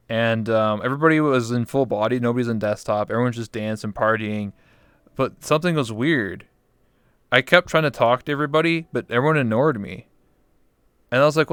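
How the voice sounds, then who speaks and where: A young man, a guest on a talk show, telling stories in casual chat with animated, profane reactions. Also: medium pitch, fairly quick, clear, resonant tone, no echo, studio quality. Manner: animated, swears freely, acts out his own reactions.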